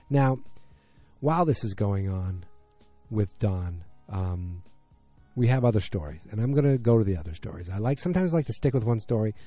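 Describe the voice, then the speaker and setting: A low, very dark-toned man with a Midwestern accent from middle America recaps a drama in loose casual chat. He rambles with many fillers and slips into the characters' lines. The sound is dry and close, with faint music underneath. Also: dry recording. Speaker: show recapper.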